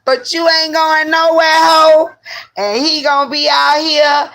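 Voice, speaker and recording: A woman's voice: high voice, flat delivery, a little slow, a bit bright, pitched above the performer's own voice. A woman voicing her blunt female best friend, who scolds her with profanity and warns her off. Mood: scolding.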